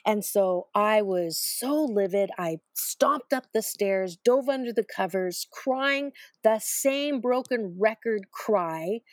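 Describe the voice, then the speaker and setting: Slow and expressive, this mid-range female voice belongs to a middle-aged author being interviewed. She recounts her own story with emphasis, repetition, and self-deprecating humor, and the recording is dry.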